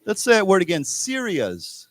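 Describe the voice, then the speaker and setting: A man with an American accent teaching English to a class of Chinese speakers, explaining words slowly and having everyone repeat them. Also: fairly high pitch, lively intonation. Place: lecture room in a library.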